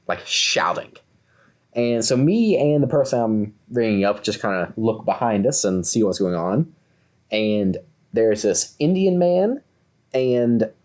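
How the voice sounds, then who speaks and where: A man in his twenties, co-host of a podcast, telling a story in a casual way and acting out the voices of the people in it. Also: on the low side. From Kentucky, USA. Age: 20s. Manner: animated, acts out quoted voices.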